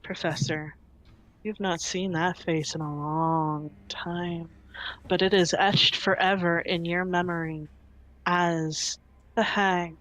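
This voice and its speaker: A woman running a tabletop game as game master, narrating scenes in an unhurried, descriptive way with filler ums. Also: lowish voice, fairly bright tone, low-quality recording.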